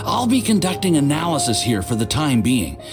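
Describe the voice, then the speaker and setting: A man voicing an eager young research assistant in a video game, excitable and quick to catch himself. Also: fairly high pitch. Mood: sheepish. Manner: excitable, rushes then checks himself. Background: game music.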